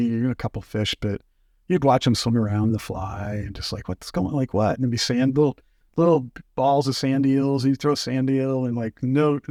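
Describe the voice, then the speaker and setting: A man telling fishing stories as a podcast guest, in casual chat, animated and full of fillers. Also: medium pitch, no room sound, clean studio sound. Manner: animated, acts out quotes, many fillers.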